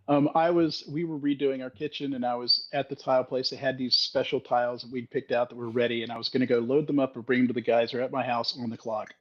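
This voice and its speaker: A man telling a story in a self-deprecating way on a podcast, lively and candid. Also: medium pitch, fast talker, hardly any pauses, no room sound, dull audio. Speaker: podcast guest, Freemason author. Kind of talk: casual storytelling conversation.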